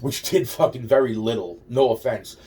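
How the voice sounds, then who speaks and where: Warm and mid-range, this man's voice moves at a moderate pace, picked up from a distance by the microphone. His personal story wanders all over, peppered with nonstop profanity and sentences he keeps starting over.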